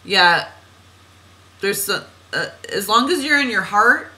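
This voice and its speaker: A woman's voice: medium pitch, animated, slow pace, bright, forceful tone, poor audio. A woman reading oracle cards for a client in a chatty, meandering way, laughing at herself and drifting off on tangents. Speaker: oracle card reader. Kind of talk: spiritual card reading monologue.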